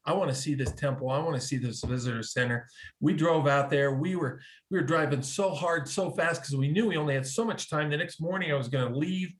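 A man tells a personal story in a casual, conversational way, his voice sitting a little high for a man. He is animated, acts out the other people's lines as he goes, and often restarts his sentences mid-thought. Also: fairly quick. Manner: animated, acts out quoted dialogue, frequent restarts. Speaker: guest telling a conversion story.

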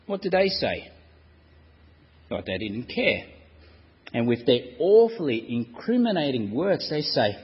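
A man preaching a sermon, telling the story dramatically and acting out the crowd's shouts. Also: medium pitch, very animated, a little slow, breathy edge, big-room sound, dull audio.

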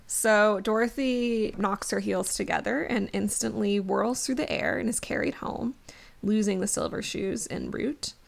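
Woman co-host with a gravelly, fry-heavy voice, relaxed plot-recap delivery. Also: medium pitch, measured pace. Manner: relaxed, summarizes plot, brief agreeing replies. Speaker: podcast co-host. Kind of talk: casual book-discussion chat.

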